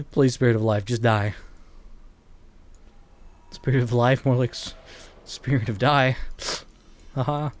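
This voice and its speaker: A man's voice: medium pitch, takes it slowly, pauses often. A man with a slight Southern US accent, chatting casually with viewers while streaming a game, rambling and laughing often. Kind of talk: casual gaming stream chat.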